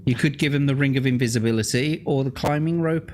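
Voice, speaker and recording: A man's voice: mid-range voice, quick pace. A man hosting a gamebook play-through, reading the adventure aloud and chatting casually with a guest, with plenty of swearing and laughter. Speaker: host and gamebook narrator.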